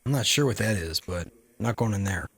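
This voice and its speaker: A man with a low, slightly husky voice talks through a travel vlog in a casual, offhand way. His commentary is wry and candid, with dry asides between the facts he gives. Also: animated, brisk. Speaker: travel vlogger.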